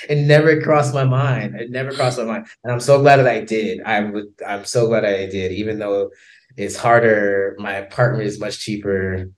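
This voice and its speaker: An American man with an American accent, a podcast guest talking in a casual, animated way, laughing often and using many fillers. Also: on the low side, moderate pace. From United States. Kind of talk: casual interview chat.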